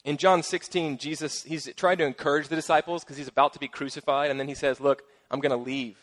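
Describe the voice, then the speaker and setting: A middle-aged man preaching a sermon as pastor, casual and playful with joking asides and lively emphasis. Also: fairly high pitch, quick pace.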